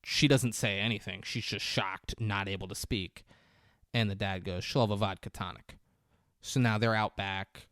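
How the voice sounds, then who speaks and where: A man co-hosting a podcast, casually retelling movie scenes in an animated storytelling way. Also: lowish voice, normal speed, no echo, clean studio sound. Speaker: podcast co-host.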